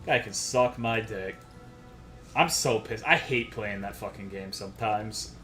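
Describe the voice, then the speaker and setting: A man's voice: lowish voice, unhurried, bright, forceful tone, faint music behind. A man streaming a game, ranting to his chat in a worked-up, profane way. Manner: profane, worked-up, swears constantly.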